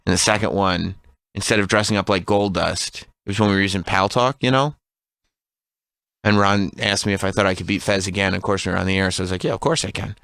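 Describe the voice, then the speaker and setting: A man in his thirties telling a funny story on a radio talk show, animated and laughing often. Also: deep voice, quick pace, creaky, dry recording. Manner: animated, laughs often, mimics voices in quotes.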